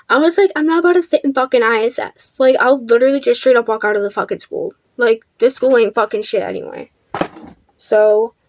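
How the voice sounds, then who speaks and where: A teenage girl with a high voice tells a storytime vlog in front of a ring-lit camera. She talks bluntly and defiantly and swears freely, doing her makeup as she goes. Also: a little mellow, slight background noise. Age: teens. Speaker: vlogger. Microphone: camera under a ring light.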